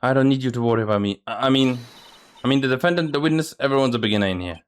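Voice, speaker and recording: A man's voice: mid-range voice, racing, clear, resonant tone, lightly acted. A man voicing a nervous young female rookie defense lawyer who stammers and gets defensive. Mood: flustered.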